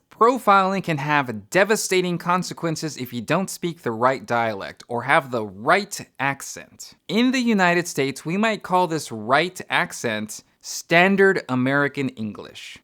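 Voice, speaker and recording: A man hosting an educational video, explaining academic theory in an energetic, conversational way. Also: fairly high pitch. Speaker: educator and channel host.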